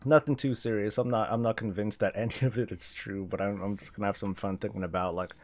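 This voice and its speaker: A man's voice: on the low side, steady tone, fast, few pauses. A man chatting casually on a game stream, rambling and joking, laughing often between thoughts, speaking into a desk mic. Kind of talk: casual stream chat while gaming.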